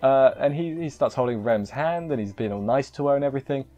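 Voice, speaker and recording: A man's voice: mid-range voice, expressive, quick pace, warm tone, faint music behind. A man recapping an anime episode in a casual, rambling way, often restarting sentences and slipping in jokey asides. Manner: rambling, self-interrupting, joking asides. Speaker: anime reviewer.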